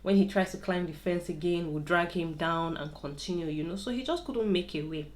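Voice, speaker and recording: A woman's voice: on the low side, fairly quick. Young woman, chatty storyteller, repeats words for emphasis, laughs easily. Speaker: vlogger telling a story. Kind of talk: casual storytime while styling hair.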